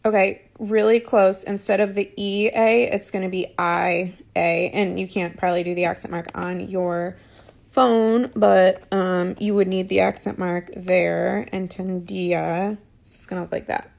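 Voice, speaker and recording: Woman teacher, gentle and encouraging, gravelly edge, phone mic. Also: medium pitch, fairly even intonation, unhurried. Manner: patient, encouraging, corrects answers gently. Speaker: Spanish teacher. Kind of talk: live online lesson.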